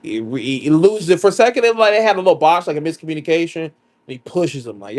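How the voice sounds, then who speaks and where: A man with a somewhat high voice co-hosting a casual podcast. He walks through the action in a lively storytelling way, acting out little bits and chiming in quickly with agreement. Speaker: podcast co-host. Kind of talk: casual wrestling podcast chat.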